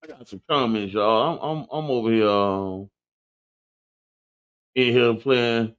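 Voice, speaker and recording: A man's voice: medium pitch, slow pace, pauses often, fairly bright tone, no room sound, dull audio. A man from the Tampa Bay area, hosting a community radio show in loose, joking chat aimed straight at listeners. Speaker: radio host. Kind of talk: casual talk radio chat.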